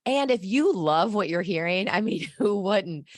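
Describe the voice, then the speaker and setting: A woman's voice: mid-range voice, lively intonation, unhurried, no echo, studio quality. Upbeat woman hosting a podcast. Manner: upbeat, playful interviewer. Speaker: podcast host. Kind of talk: casual chat.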